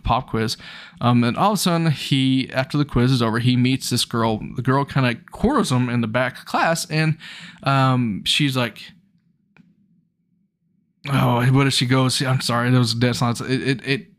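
A young man with a mid-pitched voice talks through an episode recap in an easygoing, rambling way. His delivery is loose and chatty, and his pitch leaps upward when he gets excited. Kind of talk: casual retelling of an anime episode.

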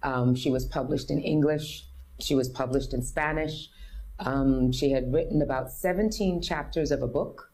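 A woman's voice: rumbling low, moderate pace, darkish tone. A woman in her fifties from New City, telling her personal story openly and earnestly as an interview guest. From New York City. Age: 50s. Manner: earnest, open, acts out others' voices in quotes.

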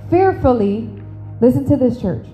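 A woman preaching to a church, telling a funny story with animated acted-out dialogue, then slowing to emphatic phrasing on scripture. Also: a little high, soft background music, low-quality recording. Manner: animated, humorous, acts out conversations. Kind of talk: sermon with storytelling. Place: church service.

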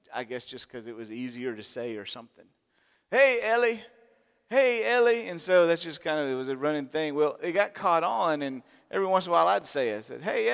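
A middle-aged man preaching a sermon, swinging from loud, emphatic lines to soft, intimate asides. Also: medium pitch. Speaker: pastor. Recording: long hall reverb.

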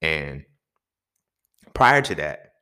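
A young adult man hosting a podcast, telling a story from his own life in a casual, profane, animated way with lots of slang. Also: rumbling low, drawn-out words, clear, resonant tone. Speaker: podcast host.

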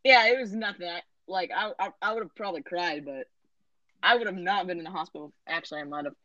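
A woman's voice: fairly low pitch, quick pace, pushed and bright, dry recording, muffled recording. Rambling sarcastic young woman, dry sound. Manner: rambling, self-correcting, sarcastic asides. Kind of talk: casual movie recap chat.

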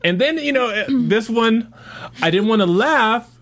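A middle-aged man in casual chat, telling a story in a rambling, animated way full of fillers and restarts. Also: very high-pitched, unhurried. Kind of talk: casual chat reviewing a show.

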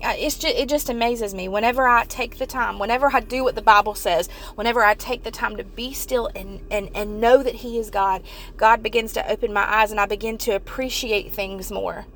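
A woman's voice: fairly high pitch, fairly even intonation, a little fast, a bit bright. A woman giving an earnest devotional talk to viewers, often repeating and restarting phrases as she builds to fervent emphasis. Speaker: Christian speaker.

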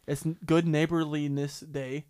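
A man's voice: a little high, flat delivery, a little slow, darkish tone, clear, resonant tone. A young man co-hosting a casual podcast chat, playful and stubborn, often tripping over his words. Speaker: podcast co-host.

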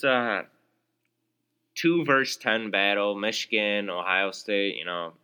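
A man's voice: mid-range voice, normal speed, pushed and bright, smooth. A young man hosting his own podcast alone, ranting in an exasperated, sarcastic way with lots of fillers and restarts. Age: young adult. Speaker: podcast host.

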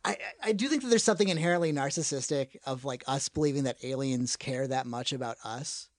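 A man's voice: mid-range voice, fast, no echo, clean studio sound. A man, a podcast guest, talking hesitantly with stammers and easy laughs. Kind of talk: casual chat.

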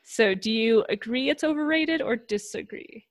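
A woman co-hosting a casual chat who talks quickly and laughs easily. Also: on the high side. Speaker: podcast co-host.

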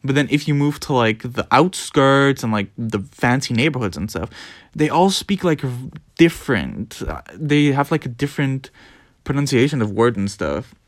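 A young man with a Dutch accent rambles through a casual, profane monologue, his pitch leaping up and down with animation. The sound is dry and close, with no room around him. He is a native Dutch speaker talking in English. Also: normal speed, no echo. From Netherlands. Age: young adult. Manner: animated, profane, mimics others in squeaky voices. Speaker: podcast host.

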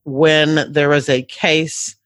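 Guy hosting a podcast, kinda high voice, dry close sound, chatty questions. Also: little pitch movement, slow pace, fairly bright tone, no echo. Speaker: podcast host. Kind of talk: interview questions.

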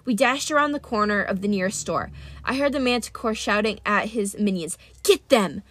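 A woman reading an adventure novel aloud in first-person narration, brisk and expressive. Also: medium pitch. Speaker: audiobook reader.

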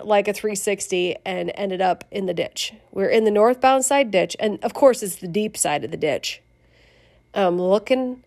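A middle-aged woman casually telling a personal memoir, animated, swearing and laughing as she goes. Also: on the high side. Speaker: storyteller.

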